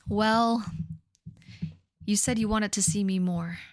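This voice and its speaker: A woman's voice: mid-range voice, fairly even intonation, slow. Woman in her thirties, amused streamer. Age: 30s. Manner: laughing at her own writing, mock-dramatic asides. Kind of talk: reading old fanfic aloud on a live stream.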